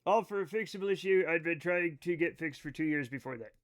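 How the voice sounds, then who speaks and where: Tipsy streamer guy, pretty high voice, blunt and sweary, just hanging out with chat. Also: quick pace, a little hiss or hum. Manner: blunt, profane, opinionated. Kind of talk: casual chat with stream viewers.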